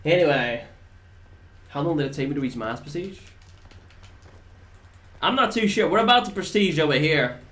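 Laid-back Dutch streamer, roomy sound. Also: male voice, a little high, lively intonation, fairly quick, fairly bright tone. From Netherlands. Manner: casual, swears, banters with viewers. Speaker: game streamer. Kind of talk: live gameplay commentary, answering chat. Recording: roomy echo, faint background noise.

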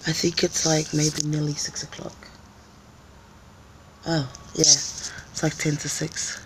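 A woman's voice: low voice, monotone, slow pace, a little hiss or hum. A woman vlogger chatting casually on a live stream, telling stories and acting out other people's voices. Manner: chatty storyteller, acts out voices, laughs often.

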